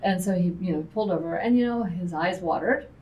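A woman with a lowish voice recalls her life candidly in a panel conversation, slipping into the voices of family members as she tells it. She is picked up from some distance, with a faint hum of noise in the background. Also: fairly quick, a little mellow, lo-fi sound. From United States. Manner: candid, reflective, acts out family dialogue. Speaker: restaurant co-owner. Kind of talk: personal storytelling in a panel talk.

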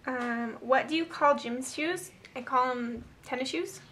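A woman's voice: high-pitched, a little slow, a bit bright, a little hiss or hum. A young woman chatting upbeat to her viewers in a casual vlog, reading out a word list. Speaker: beauty vlogger.

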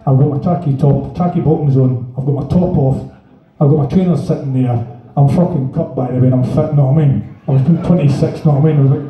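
A man's voice: mid-range voice, fairly even intonation, fast. A man telling a rambling, swearing anecdote on stage, laughing as he goes. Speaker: guest storyteller. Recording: echoey hall from far off, dull, crowd.

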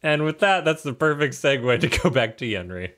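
A man's voice: fairly high pitch, sing-song, fairly quick, a bit bright. A man narrating and running a tabletop game as game master, casual and laughing often.

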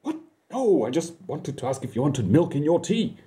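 A man voicing a mild, kindly old God in a comic story, speaking calmly and apologetically. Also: on the high side, normal speed, pitched above the performer's own voice. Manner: calm, laid-back, apologetic.

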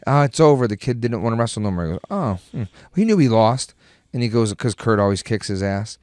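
Man, middle-aged, low voice, dry close sound, podcast guest, casual rambling storyteller, profane. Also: quick pace, a little mellow, no room sound. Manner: rambling, profane, laughs while telling stories.

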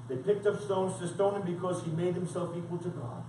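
A man's voice: sits high, brisk, mellow, a little hiss or hum. A man preaching a sermon, reading scripture dramatically and with emphasis. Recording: echoey room from far off, faint background.

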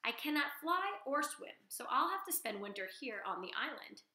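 A woman voicing a calm female robot mother in a storybook reading, with an even, polite, measured voice. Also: sits high, echoey room, voice pushed up, heavily acted.

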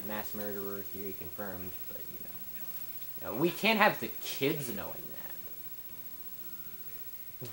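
A young man rambling goofily through a let's play, stammering and yelling at the game. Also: on the low side, rough recording. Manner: goofy, rambling, stammers, yells at enemies. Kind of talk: casual gameplay commentary.

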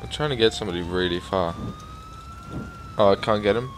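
A gaming YouTuber narrates his play casually in a lowish voice, talking briskly and swearing a lot. He gets excitable, erupting into loud exclamations and wandering off into asides for his viewers, all over a noisy background.

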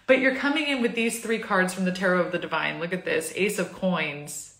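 A woman's voice: lowish voice, brisk, few pauses, a bit bright, echoey room. A woman in her thirties giving a casual, chatty tarot reading to camera, bubbly and laughing often. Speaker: tarot reader.

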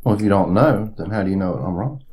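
A middle-aged man chats casually while eating on camera for a family vlog. His voice has a soft, mellow timbre, and he keeps the talk playful, slipping in teasing jokes as he goes. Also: low-pitched, quick pace.

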